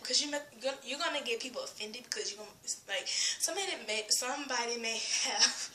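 A woman's voice: a little high, fairly quick, pushed and bright, slight background noise. Rambling teen girl vlogger, echoey room. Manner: rambling, filler-heavy, giggly, drops to whispers. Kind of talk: casual vlog rant.

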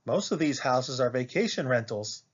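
A man reading the part of a calm, practical mother in a picture book. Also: mid-range voice, moderate pace, lo-fi sound, natural voice.

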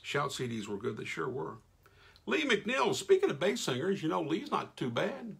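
A man's voice: on the high side, very animated, normal speed, gravelly, breathy edge. A middle-aged man, hosting a casual live stream, reading out viewers' names and chatting with folksy enthusiasm as his voice wears thin. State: losing his voice. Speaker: radio host reading live comments.

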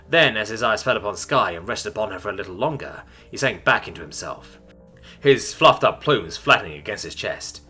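Male narrator, scripted story reading, lively expressive voice, bright breathy tone, soft music behind. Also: on the low side, fairly quick.

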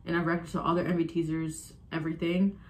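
Excitable young reaction vlogger, swearing. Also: a little fast, a little hiss or hum. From Arizona, USA. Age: 20s. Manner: excitable, lurching from low mumbles to loud exclamations, swears freely. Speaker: K-pop reaction YouTuber. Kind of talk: casual reaction vlog. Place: room at home. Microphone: phone camera.

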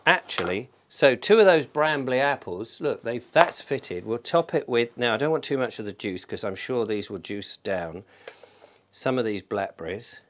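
A man's voice: medium pitch, animated, moderate pace, a bit bright. A man from England chatting casually through a home cooking vlog, thinking aloud and making fun of himself. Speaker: vlogger. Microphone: microphone in a room.

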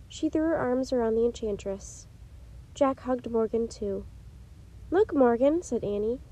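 A woman reading a children's chapter book aloud in a gentle, unhurried storytelling way, with a few small slips. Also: fairly high pitch, poor audio. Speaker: storytime reader.

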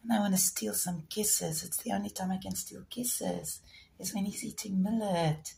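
Hoarse woman coaxing her pet bird. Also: medium pitch, normal speed. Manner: soft coaxing baby talk. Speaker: pet budgie owner and trainer. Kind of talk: casual vlog talk to a pet bird.

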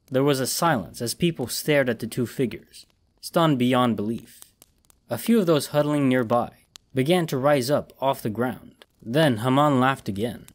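A man's voice: mid-range voice, normal speed. Man narrating a horror audiobook.

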